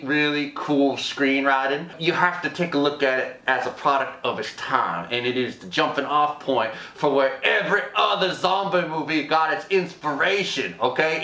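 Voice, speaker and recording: A man playing a loud slangy barbecue king reviewing films. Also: fairly high pitch, echoey room. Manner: slangy, animated, drops verb endings, breaks into excited squeals acting out scenes. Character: loud brash self-proclaimed barbecue king, adult man. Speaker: comedic movie reviewer. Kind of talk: comic in-character movie review.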